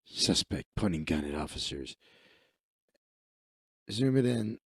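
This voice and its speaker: Man, stream host, sarcastic commentary, dry close sound, animated voice. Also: low-pitched, slow pace, husky, dry recording. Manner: sarcastic, mocking, blunt. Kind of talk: comedic reaction commentary.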